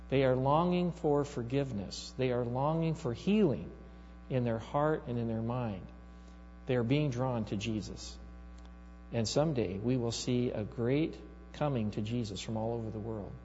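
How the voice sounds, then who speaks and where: A man's voice: medium pitch, warm tone. A male pastor preaching a sermon, telling a story and building to emphatic rises. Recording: reverberant hall, dull sound, mains hum.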